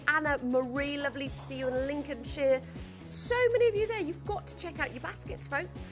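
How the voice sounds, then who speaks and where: A woman's voice: high voice, fairly bright tone. A woman presenting live on a shopping channel from a TV studio, speaking in chatty, gushing sales patter full of asides.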